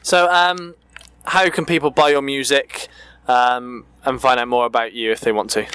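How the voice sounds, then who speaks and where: A man's voice: mid-range voice, steady tone, moderate pace, a bit bright, clean tone. A man interviewing a musician, asking hesitant questions with many fillers. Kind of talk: casual interview.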